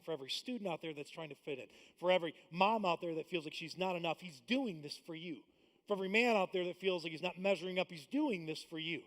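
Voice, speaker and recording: A man preaching a live church sermon, swinging between loud emphatic bursts and hushed asides. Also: a little high. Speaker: pastor. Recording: long hall reverb.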